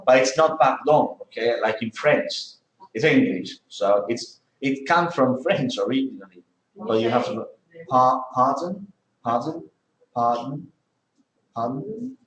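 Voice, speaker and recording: Man, English teacher, unhurried, roomy classroom echo. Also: mid-range voice. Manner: models pronunciation by repeating words, questioning students. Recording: echoey classroom.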